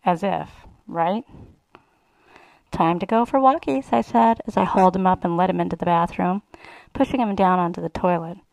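A woman's voice: lowish voice, fairly even intonation, brisk, gravelly, a little mellow, no echo, rough recording. A woman reading a first-person erotic story aloud in a sly, relishing way. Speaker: reader.

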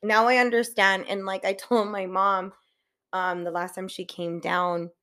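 A woman co-hosting a casual podcast chat, telling stories lively and acting out the voices of the people in them. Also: medium pitch, a little slow, clean tone. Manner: animated storyteller who acts out quoted voices. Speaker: co-host, biological mom.

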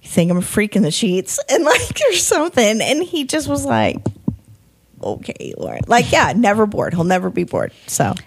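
A woman co-hosting a podcast in casual chat, telling stories with excited jumps in her voice. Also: medium pitch, fairly quick, few pauses, slight background noise. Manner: animated storyteller, voice jumps up when excited. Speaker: podcast co-host.

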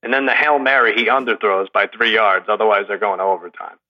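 A man's voice: fairly low pitch, steady tone, quick pace, muffled recording. A man co-hosting a sports podcast, teasing with dry sarcasm in casual chat. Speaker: podcast co-host.

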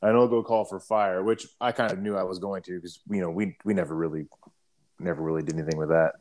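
A middle-aged man talks in an easygoing, casual way, his voice sitting fairly low. He swears freely and tells army stories, acting out the other people's lines as he goes. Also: level tone, fast, a little mellow. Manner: laid-back, profane storytelling with quoted dialogue. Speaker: army veteran telling stories. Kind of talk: casual chat.

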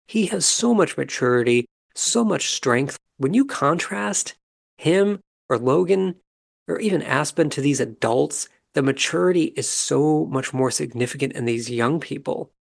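A man hosting a podcast, giving a calm, measured, analytical commentary as he recaps a reality show episode. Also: a little high, gravelly. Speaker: podcast host.

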